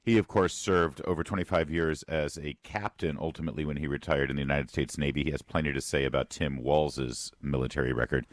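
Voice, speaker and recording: A man with a very low voice hosts a talk radio show, brisk and sarcastic. He talks straight into a close studio mic with no room sound at all. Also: steady tone, no echo.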